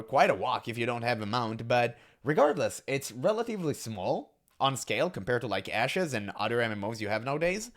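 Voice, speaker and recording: Scornful ranting man with lively pitch. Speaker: reaction commentator. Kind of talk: casual reaction commentary.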